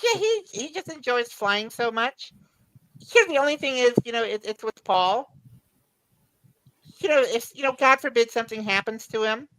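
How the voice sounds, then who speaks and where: A woman's voice: on the high side, animated, normal speed, fairly bright tone, no echo, poor audio. A woman chatting casually as a guest, talking freely and often repeating and restarting her words. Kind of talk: casual chat.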